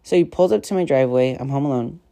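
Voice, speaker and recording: A young woman with a bass voice hosts a podcast, speaking fast with a creaky, warm tone. She tells stories in casual chat, rambling and profane and full of fillers.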